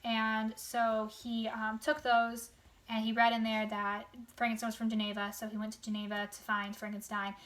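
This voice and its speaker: A woman's voice: fairly high pitch, completely flat delivery, fairly bright tone. A young woman with a sore throat casually summarizing a novel, rambling with lots of fillers and slangy asides. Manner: rambling, filler-heavy retelling with quick casual quoted voices. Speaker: book summarizer. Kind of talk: casual spoken book summary.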